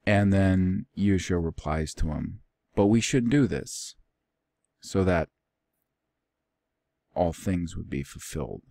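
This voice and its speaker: Man, deep and mellow voice, unhurried Bible-study teacher, emphatic reading, dry close sound. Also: creaky, dry recording. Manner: reads passages aloud with rising emphasis, then comments plainly. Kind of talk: informal scripture study with reading aloud.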